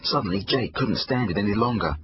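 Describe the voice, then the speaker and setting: A man reading his own children's book aloud, expressive storytelling. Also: lowish voice, brisk, dull audio, a little hiss or hum. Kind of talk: audiobook narration for children.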